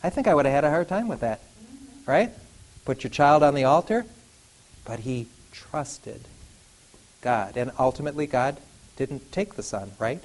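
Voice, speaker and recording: A man preaching a sermon, animated, acting out biblical dialogue with laughs and sudden outbursts. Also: medium pitch, moderate pace, pauses often, poor audio. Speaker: pastor.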